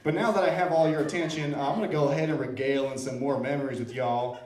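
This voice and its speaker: A man's voice: medium pitch, fairly even intonation, fast talker, a little mellow, echoey room, far from the mic, soft background music. A man from Iowa doing an open-mic stand-up set in a comedy club, playful and self-deprecating as he works the crowd.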